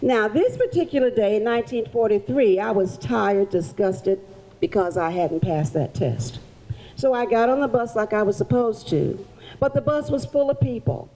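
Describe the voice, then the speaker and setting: A woman performing as a historical figure, telling her story in the first person to children at a library in a theatrical, animated way. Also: fairly high pitch, moderate pace, rough recording. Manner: animated, theatrical, directs audience volunteers. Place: public library event room.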